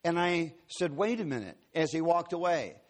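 A man's voice: on the high side, expressive, moderate pace. A man preaching a sermon to a church congregation, telling personal stories with folksy, joking asides. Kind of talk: sermon with storytelling.

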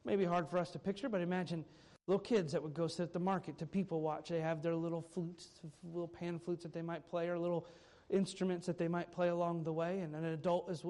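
A man preaching a sermon as pastor, swinging between loud emphasis and quiet asides, and repeating words when he gets excited. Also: on the high side.

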